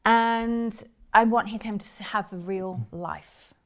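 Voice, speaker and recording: A woman in her forties, a spiritual teacher telling her story in an interview, earnest and rambling, with many restarts, and going soft and hushed over personal memories. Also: medium pitch, slow. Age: 40s.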